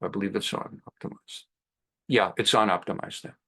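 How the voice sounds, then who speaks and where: Chatty rabbi telling a story. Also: male voice, lowish voice, moderate pace. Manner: chatty, animated, frequent restarts. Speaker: rabbi hosting a weekly program. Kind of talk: anecdotal monologue.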